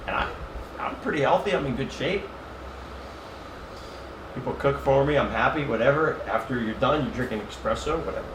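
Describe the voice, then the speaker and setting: A middle-aged man rattles off a crude, comic travel story at a quick clip, voicing everyone he quotes. He sits back from the mic in an echoey room with a steady hiss behind him. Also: mid-range voice. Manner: animated, profane, comic storyteller who acts out quotes. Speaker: podcast guest. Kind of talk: casual storytelling chat. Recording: roomy, distant and noisy podcast mic.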